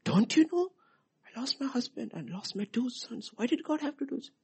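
A man's voice: extremely high pitch, sing-song, moderate pace, vocal fry, darkish tone, husky, voice pushed up, heavily acted. A man voicing a bitter, grieving widow who complains with self-pity. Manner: complaining, self-pitying, raised.

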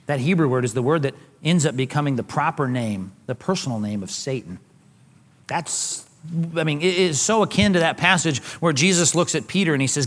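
A pastor preaching a sermon, retelling scripture conversationally with casual slang. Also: male voice, on the high side, lively intonation, fairly quick, fairly bright tone. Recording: long hall reverb.

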